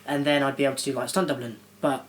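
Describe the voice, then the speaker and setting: A man's voice: medium pitch, little pitch movement, racing, slight background noise. A young man co-hosting a podcast, chatting casually and telling self-mocking stories. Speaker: podcast co-host. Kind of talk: casual chat.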